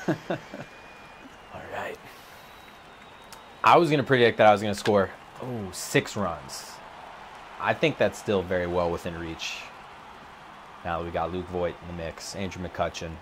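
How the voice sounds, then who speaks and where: Pausing often at a measured pace, an excitable man narrates his own video game play live from an empty office, his voice leaping high when he gets worked up. A little hiss or hum sits in the audio.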